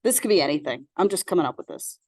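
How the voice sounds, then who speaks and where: A woman leading an interactive communication workshop for a live group, acting out example lines with lively emphasis. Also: low voice, fast talker. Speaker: workshop facilitator. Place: room with live audience. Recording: echoey room.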